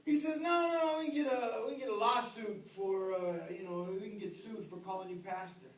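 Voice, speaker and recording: Male pastor, emphatic sermon delivery with loud peaks and quiet drops; distant mic, reverberant church room. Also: sits high, fairly even intonation, a little fast. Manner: swings from shouted emphasis to near-whisper, repeats words. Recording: echoey room heard from a distance.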